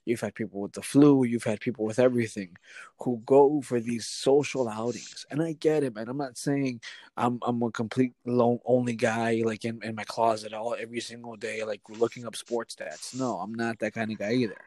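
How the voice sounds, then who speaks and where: A man's voice: medium pitch, steady tone, moderate pace, mellow, dry recording. A man co-hosting a casual podcast chat, talking earnestly and hedging a lot with "like". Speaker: podcast co-host.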